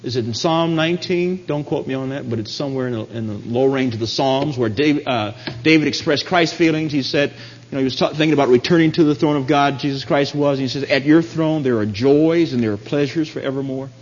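A man preaching a sermon in an animated, emphatic way, his voice jumping up high when he gets excited. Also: a little fast. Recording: dull lo-fi recording in a reverberant hall.

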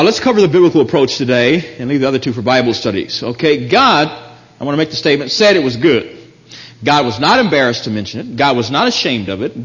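A man preaching a sermon in an animated, emphatic way, his voice jumping up high when he gets excited. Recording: dull lo-fi recording in a reverberant hall.

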